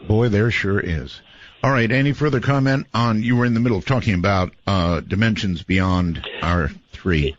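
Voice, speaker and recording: A low-voiced man hosts a late-night call-in radio show in an easygoing, amused manner. The sound is muffled and dull, like an old radio broadcast. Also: moderate pace. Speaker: radio talk show host.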